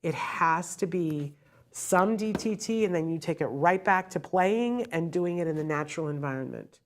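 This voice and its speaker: A woman's voice: fairly low pitch, animated, moderate pace, a little hiss or hum. A middle-aged woman host giving earnest, heartfelt advice to parents in a direct, emphatic way.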